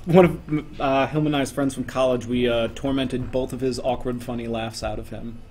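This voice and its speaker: A man's voice: medium pitch, fairly even intonation, normal speed, darkish tone. A man rambling through stories with lots of fillers and swearing, in casual podcast banter at a live meetup.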